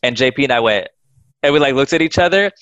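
A man casually telling a ghost story on a podcast, animated, swearing freely and acting out the voices of the people in it. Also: mid-range voice, quick pace, no room sound, muffled recording.

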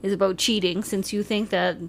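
A woman's voice: medium pitch, level tone, a little fast, gravelly, a little hiss or hum. A woman co-hosting a casual podcast with her partner, teasing him and laughing often. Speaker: podcast co-host. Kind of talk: casual couple chat.

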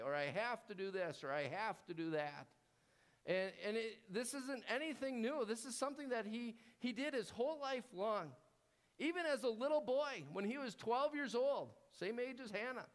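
Man preaching in a chatty, halting way. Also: high-pitched. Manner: conversational preaching with fillers and repeated words. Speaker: pastor. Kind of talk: sermon.

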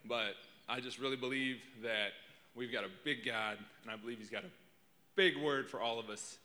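A man preaches into a handheld microphone, his tone bright and forward. He is openly emotional and self-deprecating. A long reverb from the church hall trails his words. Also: mid-range voice, moderate pace. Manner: emotional, rambling, self-deprecating, warm to crowd. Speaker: guest preacher. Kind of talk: sermon opening. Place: church sanctuary before a congregation.

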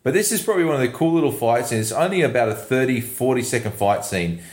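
A man co-hosting a podcast, casually recapping a film in a rambling, halting way full of fillers. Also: mid-range voice, animated. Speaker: podcast co-host reviewing a film. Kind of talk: casual chat recapping a movie. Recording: roomy echo.

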